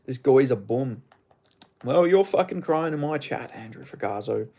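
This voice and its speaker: An Australian man answers his livestream chat in casual, profane banter. His voice sits at an ordinary pitch with a gravelly, creaky texture. His delivery stays blunt and laid-back. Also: animated, moderate pace, warm tone. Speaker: streamer reading chat.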